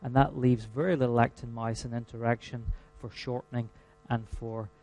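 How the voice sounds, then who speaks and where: A man with a Scottish accent giving a university lecture, stressing key terms slowly and making dry asides to the class. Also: medium pitch, little pitch movement, dark tone.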